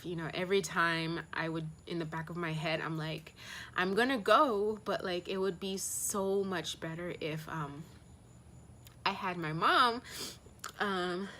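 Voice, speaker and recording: Heartfelt young woman, bright low voice. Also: slight background noise. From United States. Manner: heartfelt, rambling, many fillers. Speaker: travel vlogger. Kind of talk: candid personal vlog.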